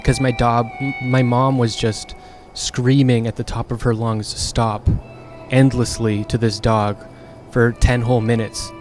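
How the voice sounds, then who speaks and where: A man's voice: mid-range voice, darkish tone. Frank, swearing young man telling a story. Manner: frank, exasperated, swears freely. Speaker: streamer. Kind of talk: casual storytelling monologue.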